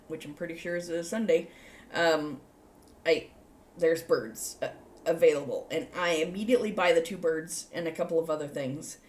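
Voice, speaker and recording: A woman vlogger telling a long, meandering story in casual chat, with many asides and restarts and sudden bursts of excitement. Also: fairly low pitch.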